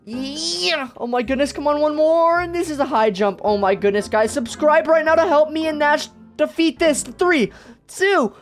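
A woman hosting a gaming video with excited, exclamatory commentary, full of gasps and cheers. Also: high voice, moderate pace, hardly any pauses, faint music behind.

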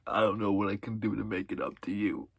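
A man's voice: lowish voice, fairly even intonation, fast, breathy edge, dry recording. A man making a mock-serious apology vlog, sighing often and putting on a sad, sniffly delivery as a YouTuber speaking to his viewers.

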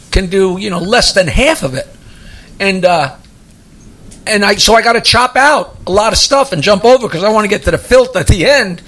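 A man's voice: high-pitched, bright, forceful tone. A male comedian chatting casually as a guest and telling jokes in a rambling style, chuckling as he goes. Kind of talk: casual chat and joke telling.

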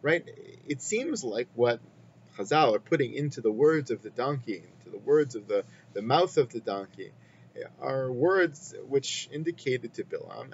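Man teaching Torah, measured and explanatory, mid-pitched, slightly dull recording, faint hum. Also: animated, creaky. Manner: measured, explanatory, weaving in Hebrew quotations. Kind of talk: weekly Torah lecture.

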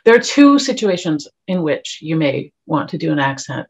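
Husky, gravelly woman on a dull line. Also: deep voice, sing-song, darkish tone. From Canada. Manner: measured, advice-giving. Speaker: actress, podcast guest. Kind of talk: casual interview conversation.

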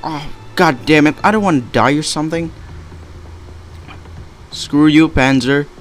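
A man's voice: on the high side, measured pace, slight background noise. Panicky young man narrating his gameplay. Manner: panicky, exclaiming, laughing often. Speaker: gaming channel host. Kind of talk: live gameplay commentary.

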